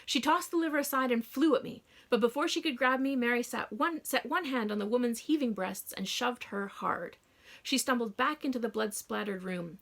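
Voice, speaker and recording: Gravelly woman narrating an audiobook. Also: a little high, a bit bright. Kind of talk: first-person audiobook narration.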